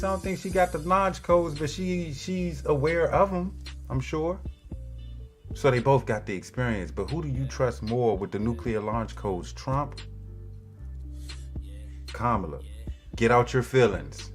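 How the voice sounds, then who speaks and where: A man giving casual, slangy political commentary straight to his viewers, preachy and direct. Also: medium pitch.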